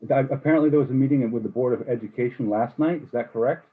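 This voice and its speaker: A board member questioning officials at a public meeting, speaking haltingly with frequent restarts. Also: male voice, medium pitch. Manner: halting, many restarts and repeated words. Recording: husky voice on a tinny phone-like line.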